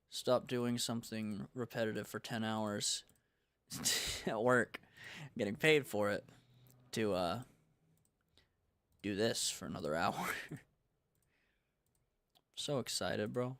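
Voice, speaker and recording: A man's voice: medium pitch, slow pace, long pauses, a bit bright, no echo. Young american guy rambling on his dev stream, chill and slangy, dry close mic. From United States. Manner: rambling, laid-back, slangy. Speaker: game developer streaming. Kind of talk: casual livestream chat.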